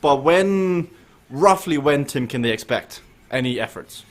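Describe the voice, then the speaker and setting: Chatty joking stream host, slightly high voice. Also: male voice, animated, unhurried. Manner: joking, laughs often, asks questions. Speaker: host of a virtual cycling group ride stream. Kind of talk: casual live-stream commentary.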